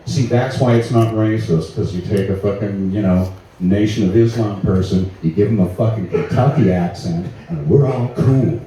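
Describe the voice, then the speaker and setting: A man's voice: fairly low pitch, normal speed, mellow. A man in his thirties from Canada doing a profane, rambling, self-mocking stand-up comedy set at a small live venue. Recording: echoey room, distant mic, faint ambience.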